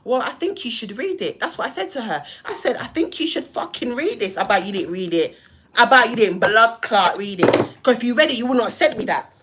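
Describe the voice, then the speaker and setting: A woman's voice: a little high, big pitch swings, brisk, a bit bright, a little hiss or hum. A young woman, hosting a livestream and heatedly telling a story, cussing and acting out both sides of phone calls. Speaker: live-stream host.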